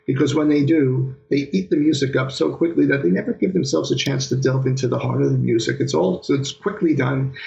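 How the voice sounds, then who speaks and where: Gravelly-voiced man telling animated stories. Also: mid-range voice, dull audio. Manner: animated anecdotes, mimics his teacher's voice. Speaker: pianist guest. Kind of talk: conversational storytelling interview.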